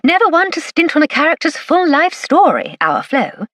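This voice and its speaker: A woman's voice: high-pitched, wildly swooping pitch, normal speed, a bit bright, dry recording, clean studio sound, pitched above the performer's own voice, heavily acted. A woman voicing a spirited, playful aristocratic lady who speaks in a well-spoken, theatrical way.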